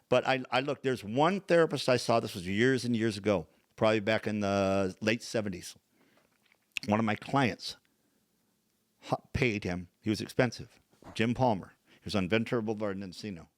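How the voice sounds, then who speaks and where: An older man hosts a podcast, telling stories casually and bluntly in frank wording while animatedly acting out dialogue with lively changes of voice. His voice is lowish, and the recording is dry with clean studio sound.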